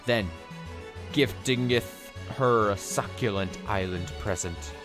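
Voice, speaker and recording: A man's voice: lowish voice, slow. A man hamming up a pompous archaic duke. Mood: grandiose. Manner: theatrical, archaic mock-Shakespearean phrasing. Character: pompous male duke in old-fashioned speech. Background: game music.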